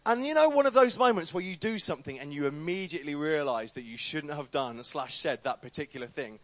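A man's voice: a little high, lively intonation, fairly quick. A young man giving an informal talk to a faith group, telling a story with chatty, self-deprecating asides.

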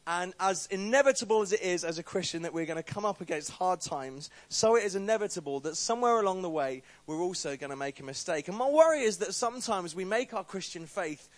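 A man's voice: sits high, expressive, fast, hardly any pauses, dry recording. A young man giving an informal talk to a faith group, telling a story with chatty, self-deprecating asides.

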